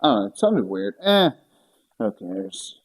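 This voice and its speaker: A man's voice: on the low side, sing-song, a little slow. Rambling man streaming from home. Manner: rambling, joking, talking to chat. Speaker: livestreamer. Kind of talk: casual stream chat while working out.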